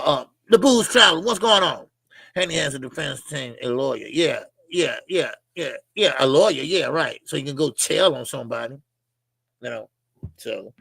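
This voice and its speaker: Gravelly-voiced man rambling on a livestream. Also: a little high, pushed and bright, no room sound. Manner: loose, rambling, many fillers and repeats. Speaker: livestream host. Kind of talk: casual live chat reading comments.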